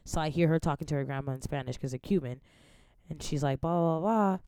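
A young woman from the Bay Area spins a story in a casual, slangy, profane way, with her voice sitting a little low. The sound is close and dry, with no room around it. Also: fairly quick, clear, resonant tone, no room sound. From San Francisco Bay Area. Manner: slangy, profane, animated retelling. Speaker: podcast host.

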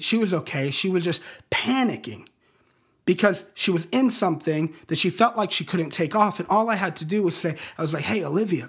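Male pastor, thirties, husky, slightly high voice, loose chatty sermon delivery. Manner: casual, rambling storyteller with many fillers.

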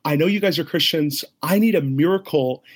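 Pitched on the high side and talking fairly quickly, a middle-aged ministry leader recounts an animated story during an interview. He often laughs and acts out other people's voices.

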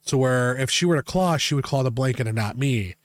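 A man in relaxed conversation, spinning rambling stories with blunt, profane humor. His voice sits at an ordinary middle pitch. The sound is close and dry, with no room in it. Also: fairly quick, no room sound. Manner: casual, profane, animated when quoting himself. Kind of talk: casual storytelling chat.

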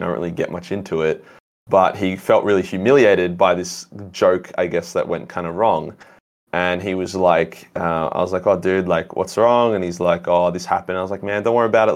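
Podcast guest, man, very deep voice, blunt animated storyteller. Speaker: guest, content creator. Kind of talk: casual podcast chat.

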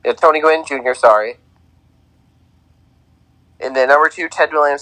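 A man's voice: medium pitch, normal speed, long pauses. A young man co-hosting a casual sports podcast, playfully arguing with his friends. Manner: lively, argues playfully. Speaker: podcast co-host.

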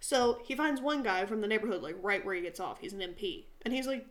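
A young woman co-hosting a podcast, telling stories in a casual, animated way, swearing and acting out what people said. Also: medium pitch, quick pace, hardly any pauses. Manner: animated, swearing, acts out quotes. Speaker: podcast co-host. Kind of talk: casual storytelling chat.

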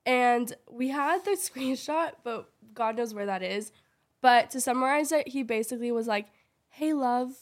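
A young woman with a high voice chatting casually as a podcast co-host. She retells what happened with lively quoted dialogue. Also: normal speed. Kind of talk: casual chat.

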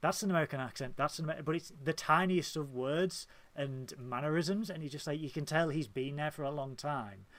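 A man from Hull with a Yorkshire English accent, hosting a casual podcast chat, talkative and quick to laugh. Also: a little high, no room sound. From Hull, England. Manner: chatty, laughs often, animated. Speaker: podcast host.

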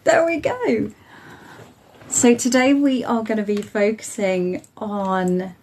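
A woman's voice: medium pitch, fairly even intonation, slow pace, darkish tone, slight background noise. Effusive English woman hosting a podcast. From England. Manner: effusive, greets listeners as gorgeous and lovely. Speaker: podcast host and meditation teacher. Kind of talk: chatty live-stream welcome.

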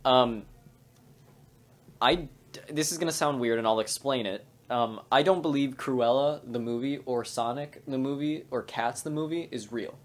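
Young guy on a podcast, casual and rambly, lots of false starts. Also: medium pitch. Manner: rambling, halting with restarts. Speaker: podcast co-host. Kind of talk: casual chat.

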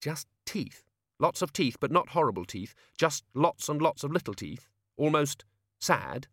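A brisk young governess, as a man puts her on speaks curtly and impatiently, her voice lifted well above his own. She cuts others off with short, firm lines. It sounds like a dry, close storybook reading. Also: a little high, very animated, no echo, pitched above the performer's own voice, heavily acted. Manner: curt, impatient.

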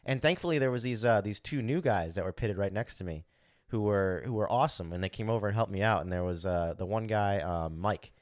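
A man's voice: on the low side, a little fast, no room sound, studio quality. A man co-hosting a podcast, telling a story in casual chat. He talks animatedly, acts out his own thoughts, swears freely and fills with "like". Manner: frequent "like" fillers. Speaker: podcast co-host.

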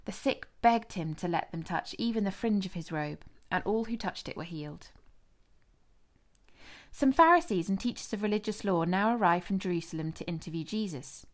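A woman narrating a scripture passage in a measured, expressive reading. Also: lowish voice. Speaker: scripture reader.

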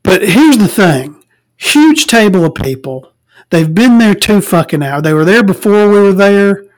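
Profane podcast host. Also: medium pitch. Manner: profane, rambling, frequent fillers. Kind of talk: casual ranting monologue.

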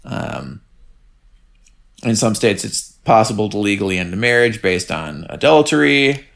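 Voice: mid-range voice, animated, measured pace, gravelly, fairly bright tone. A podcast co-host joking dryly and reading search results aloud during a casual recap. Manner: dry, joking, reads aloud.

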